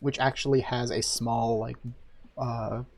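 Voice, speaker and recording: A man's voice: mid-range voice, little pitch movement, a little slow, creaky, a little mellow. A man running a tabletop game as dungeon master, narrating with a rambling, restart-filled delivery.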